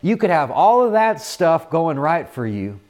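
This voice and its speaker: A man preaching a sermon in an earnest manner, often repeating words and filling pauses with "uh". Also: fairly high pitch, sing-song, darkish tone.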